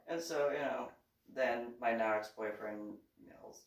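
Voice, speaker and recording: A woman's voice: a bass voice, a little slow. A woman vlogger telling a rambling personal story in casual talk, laughing often between lines. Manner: lively, rambling anecdotal delivery. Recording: echoey room, distant from mic.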